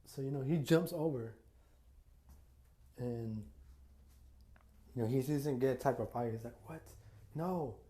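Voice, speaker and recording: A man's voice: mid-range voice, unhurried, pauses often, mellow. A man casually retelling an imagined crossover story as a YouTuber, rambling with lots of fillers and restarts. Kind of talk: casual fan-fiction storytelling.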